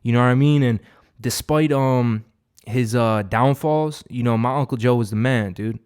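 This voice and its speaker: A man's voice: medium pitch, moderate pace, darkish tone, clear, resonant tone. A young man giving an unscripted, profane motivational monologue as a vlogger, rambling with many fillers and restarts.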